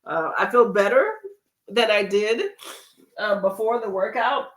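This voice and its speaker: A woman's voice: medium pitch, unhurried. A woman hosting a casual livestream, chatty and laughing often as she reads out chat comments, with a runny nose and feeling under the weather. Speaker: livestream host.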